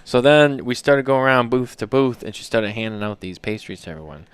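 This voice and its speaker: Man, 30s, podcast co-host, casual rambling chat, smooth resonant tone. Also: medium pitch, lively intonation, brisk. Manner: rambling storyteller, many fillers.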